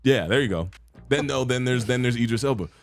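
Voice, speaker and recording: A man co-hosting a casual podcast, joking around and breaking into loud laughs. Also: mid-range voice, fairly quick, faint music behind. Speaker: podcast co-host. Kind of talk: casual chat.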